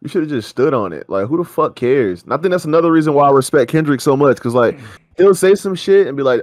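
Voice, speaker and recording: A man's voice: fairly high pitch, animated, fast, a little mellow, dry recording. A man co-hosting a reaction show, ranting in heated, profane casual chat.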